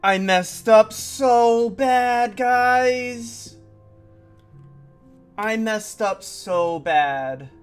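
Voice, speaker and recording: A man livestreams a game and muses aloud in a chatty, self-deprecating way. His voice is high and his pace unhurried. Faint music plays underneath. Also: smooth. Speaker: streamer. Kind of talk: casual let's-play commentary.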